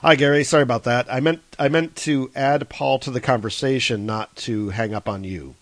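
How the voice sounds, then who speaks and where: A man's voice: mid-range voice, moderate pace, dry recording. A man hosting a casual call-in web show over Skype, flustered and apologetic, laughing often.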